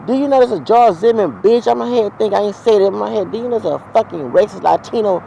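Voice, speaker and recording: A man's voice: high voice, quick pace, gravelly, warm tone, rough recording. A man telling a heated, profane, rambling story as a vlogger, outdoors near traffic. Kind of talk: ranting storytime monologue.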